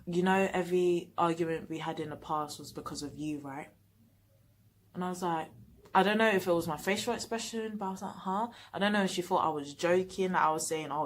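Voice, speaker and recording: A young woman telling a storytime vlog in an animated, emphatic way, acting out the quoted dialogue. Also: deep voice, slight background noise. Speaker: vlogger.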